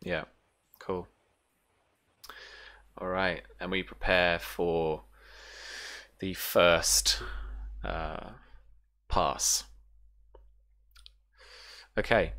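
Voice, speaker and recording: A man runs a tabletop role-playing game as game master, describing scenes in an easygoing way with plenty of filler words. His voice is deep and slow, with a bright, forceful edge. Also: fairly even intonation.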